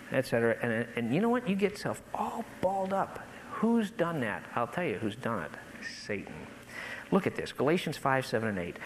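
A man preaching a sermon, building to impassioned peaks and then dropping low and soft. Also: sing-song, normal speed, slight background noise, poor audio. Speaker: pastor.

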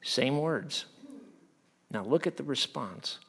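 Middle-aged male pastor, mid-range voice, lively sermon delivery with big swings in volume and pitch. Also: slow, vocal fry, husky. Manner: animated, swings from loud acted quotes to hushed earnest tones.

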